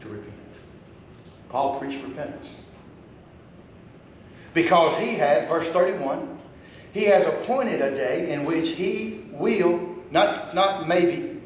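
A man preaching a conversational sermon, swinging from low asides to loud emphatic peaks and chuckling at his own points. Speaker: pastor. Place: church sanctuary. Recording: echoey church sanctuary with faint hum.

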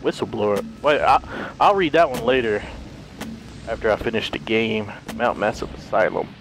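A man's voice: on the low side, moderate pace, fairly bright tone, slight background noise. A young man giving jumpy, profanity-laden commentary while playing a horror game, yelping when startled. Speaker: let's play gamer. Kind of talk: live gameplay commentary.

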